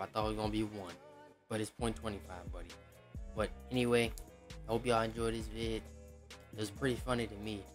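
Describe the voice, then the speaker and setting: A man giving casual gameplay commentary as a gaming YouTuber, slangy and profane, often shouting at the game. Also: fairly low pitch.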